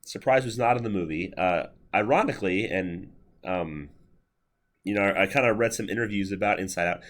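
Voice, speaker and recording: A man in his thirties teaching a university class in a lecture hall. His voice sits a bit low, and he talks casually, rambling with fillers and restarts. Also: moderate pace.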